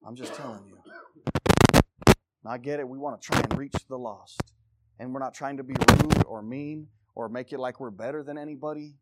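A man preaching a sermon with passion, swinging from loud exhortation to low intensity and repeating phrases for emphasis. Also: steady tone, fairly quick, heavy background noise.

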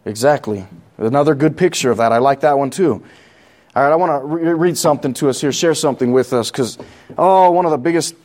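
A man's voice: medium pitch, a little mellow. A man preaching a conversational sermon, repeating key points and asking the congregation questions.

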